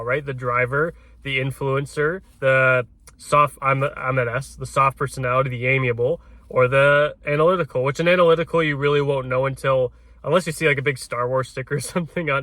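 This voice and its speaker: With a mid-range, fairly bright voice and no echo, a realtor coaches on door knocking in casual talk. He keeps tagging sentences with "right?" and frequently restarts what he's saying.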